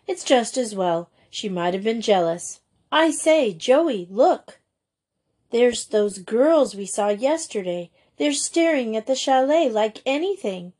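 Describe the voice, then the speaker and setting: A woman voicing an excitable schoolgirl. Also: fairly high pitch, measured pace, hardly any pauses. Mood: excited. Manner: eager, breathless exclamations. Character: young girl, a lively schoolgirl, excitable.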